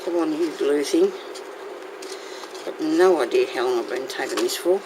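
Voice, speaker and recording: A woman hosts a casual crafting tutorial, chatting with her viewers and talking to herself as she works. Her voice is deep, at normal speed with frequent pauses, in a noisy home recording.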